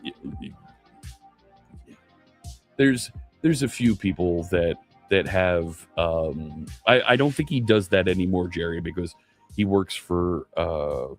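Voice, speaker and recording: A middle-aged man, host of a live coding stream, chatting casually and answering viewers' messages out loud, with plenty of fillers. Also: sits low. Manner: chatty, reads chat aloud, many fillers. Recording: faint music underneath.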